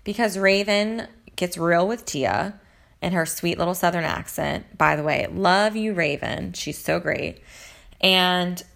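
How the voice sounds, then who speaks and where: A woman with a lowish voice and a lot of vocal fry, talking in casual chat. She rambles on about reality TV in a gossipy tone. Her talk is full of fillers. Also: unhurried, a bit bright. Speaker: reality TV commentator.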